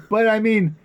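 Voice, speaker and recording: A man's voice: high-pitched, clean tone. A man co-hosting a podcast in casual chat, giggling often and asking sheepish questions. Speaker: podcast co-host.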